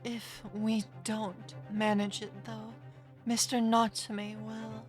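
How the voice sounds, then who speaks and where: A woman voicing an earnest young female legal assistant, reading in a slow, serious, measured way. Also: a little high, monotone, faint music behind.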